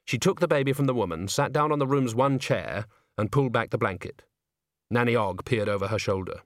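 A man narrating a story aloud in an expressive, scripted reading. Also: medium pitch, a little fast, no room sound, clean studio sound. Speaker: audiobook narrator.

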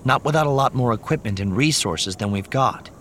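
A man voicing a sharp-tongued young woman smuggler who speaks in scornful, clipped protests. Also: medium pitch, expressive, a little fast, slight background noise, pitched above the performer's own voice, close to an everyday voice. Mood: sour.

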